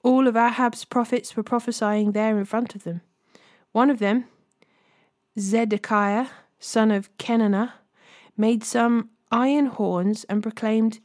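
A woman hosting a daily Bible reading, reading scripture aloud in a measured way and gently voicing the quoted speakers. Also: mid-range voice, steady tone, no room sound, clean studio sound.

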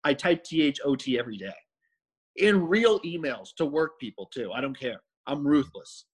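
A man's voice: on the high side, lively intonation, normal speed, breathy edge, poor audio. A man co-hosting a podcast, chatting casually in a rambling way and laughing often. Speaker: podcast co-host. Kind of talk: casual chat.

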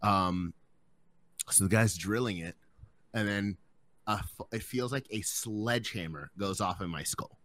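A man's voice: fairly low pitch, measured pace, a bit bright. Swearing young man telling a long story. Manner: swearing storyteller, acting out other people's lines. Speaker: podcast co-host. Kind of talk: casual chat.

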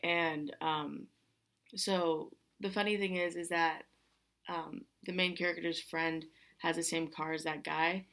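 Low, flat-voiced young woman rambling casually. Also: slow pace. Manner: rambling, many fillers and restarts. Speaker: podcast host. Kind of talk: casual film recap.

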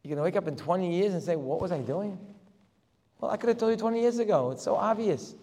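A man's voice: high voice, lively intonation, fast talker. Man lecturing with rhetorical force, hall reverb. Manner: rhetorical questions, rising to forceful emphasis. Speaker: Torah teacher. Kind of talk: religious lecture.

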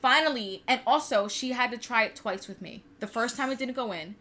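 A woman's voice: a little high, brisk, pushed and bright. A woman in her twenties telling a personal story in casual chat, candid and profane with lots of "like". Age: 20s. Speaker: podcast co-host.

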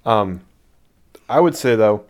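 A man's voice: fairly low pitch, animated, slow pace, darkish tone. A young man from Indiana co-hosting a podcast, talking in a laid-back, easygoing way. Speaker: podcast co-host. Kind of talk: casual chat.

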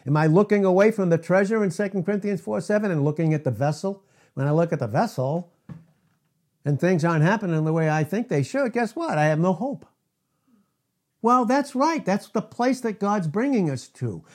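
A middle-aged man preaching a sermon as pastor, emphatic, asking rhetorical questions and swinging from loud to hushed. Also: high voice, lively intonation, moderate pace.

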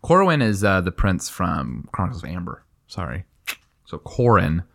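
A man's voice: deep voice, very animated, moderate pace, vocal fry, a bit bright. A young man co-hosting a podcast, casually retelling a book's scenes and laughing easily as he goes. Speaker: podcast co-host. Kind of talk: casual book discussion.

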